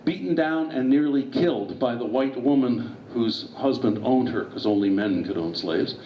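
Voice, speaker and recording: A man's voice: medium pitch, normal speed, a little hiss or hum. A man giving a public history talk as a guest author, storytelling with asides and digressions. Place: meeting hall. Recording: distant, roomy, dull hall recording.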